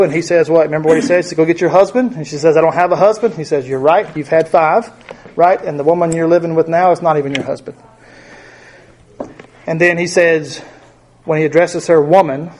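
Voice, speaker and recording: A middle-aged man teaching a Bible study in a conversational way, often asking his group questions. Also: a little high.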